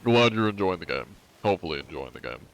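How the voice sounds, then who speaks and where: Brief: male streamer in his twenties, lowish voice, dry wry humor, casual gaming chat. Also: sing-song, quick pace, vocal fry.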